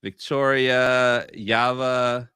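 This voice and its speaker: Man, live-stream co-host, upbeat chat greetings, bright smooth voice. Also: mid-range voice, little pitch movement, drawn-out words, no room sound, clean studio sound. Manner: upbeat, rattles off greetings to viewers.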